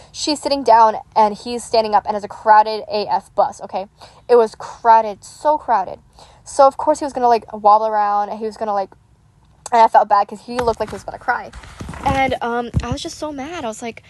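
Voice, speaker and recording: A woman's voice: a little high, a little fast, a little mellow, no echo. A teenage girl chatting casually and rambling animatedly while she plays a game. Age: teens. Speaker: gaming YouTuber. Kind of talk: casual chat while gaming.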